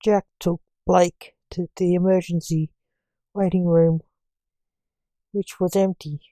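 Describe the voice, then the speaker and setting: Slow, mellow woman reading a story. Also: on the low side, level tone, dry recording. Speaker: narrator.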